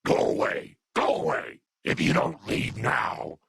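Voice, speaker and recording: A man voicing a kindly, muddled old grandmother super mutant in a game dub, raspy and doting, who calls everyone dearie. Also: a little high, huge pitch swings, measured pace, fairly bright tone, no room sound, studio quality, heavily acted. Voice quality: gravelly, raspy.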